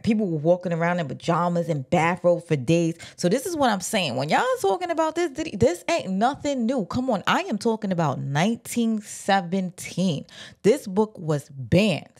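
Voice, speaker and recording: A woman casually retelling an old scandal from a book, animated and slangy, talking straight to her viewers. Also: on the low side, normal speed. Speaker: book commentator. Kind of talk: casual storytelling.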